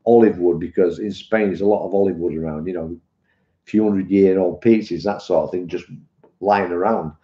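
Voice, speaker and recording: Muffled and echoey, the recording captures a British male vape reviewer and live streamer in casual live-stream chat. He's chatty and rambling, calls viewers "mate," and has a low, mellow voice with a British English accent.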